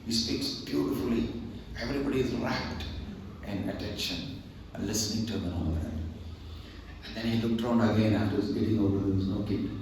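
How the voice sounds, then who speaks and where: A man, a swami, telling a devotional story as a sermon in an animated, chuckling way. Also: fairly low pitch, a little fast, slight background noise. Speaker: swami, spiritual teacher. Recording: very echoey distant hall recording.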